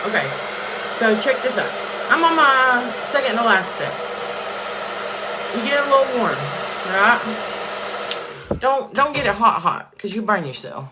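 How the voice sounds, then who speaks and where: A woman chatting casually to viewers on a livestream while doing her makeup, excitable and prone to loud bursts of praise. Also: on the high side, measured pace, pauses often, noisy background. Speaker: livestream host.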